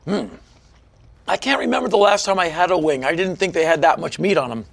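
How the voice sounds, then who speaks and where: As a guest in a casual interview, a Washington, D.C. man in his fifties tells stories with animation, voicing other people's lines himself. He speaks a little fast in a high-pitched, creaky voice.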